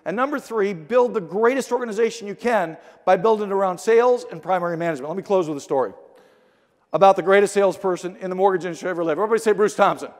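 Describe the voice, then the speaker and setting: A middle-aged man giving an energetic motivational keynote speech in a large conference hall, telling stories and acting out the dialogue. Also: sits high, very fast. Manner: energetic, storytelling with acted-out dialogue. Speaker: keynote speaker. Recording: long hall reverb.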